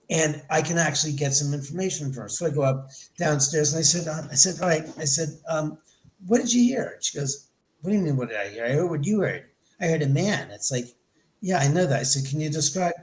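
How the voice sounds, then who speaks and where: A middle-aged man from Los Angeles, a podcast guest, telling a story in an animated way and acting out the people he quotes. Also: on the high side. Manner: animated, acts out quoted dialogue. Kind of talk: storytelling in an interview. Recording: echoey room.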